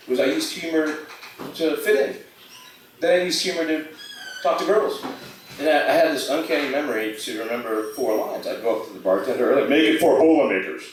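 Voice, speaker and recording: A man's voice: mid-range voice, fast, a little hiss or hum. A man doing a rambling, self-deprecating open-mic stand-up set, slipping into quoted voices. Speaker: stand-up comic. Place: small bar stage. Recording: roomy bar audio from a distant mic.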